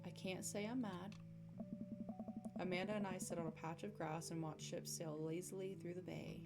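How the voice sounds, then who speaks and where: Background music accompanies a young streamer reading a dating sim's dialogue in different voices and reacting along the way. Her voice is fairly low and her pace moderate, and she stays giggly and animated throughout.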